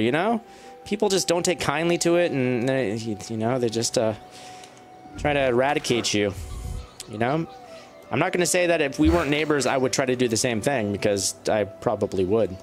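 A let's-play gamer, a man with a mid-range voice, gives casual commentary on a strategy game session and banters with his units as though they can hear him. His pitch leaps sharply whenever something excites him, and faint game music sits underneath.

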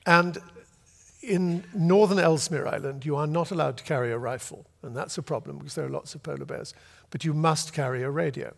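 An older man from Britain, an author telling a long, lively anecdote to a festival audience and acting out the voices he quotes. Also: fairly high pitch, a little fast, gravelly, big-room sound. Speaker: author guest. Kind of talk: storytelling at a festival talk. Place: festival venue before an audience.

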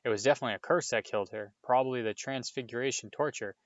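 A man reading aloud, voicing a boastful, vain male wizard teacher who brags briskly. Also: mid-range voice, no room sound, highs cut off, close to an everyday voice. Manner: brisk, self-satisfied bragging.

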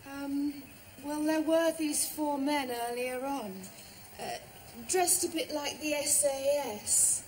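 An actress playing a naive, well-meaning housewife who hesitates with um and well, in a sitcom. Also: female voice, sits high, steady tone, slow pace, darkish tone, slight background noise, low-quality recording. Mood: hesitant. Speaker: neighbour's wife. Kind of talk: sitcom acting.

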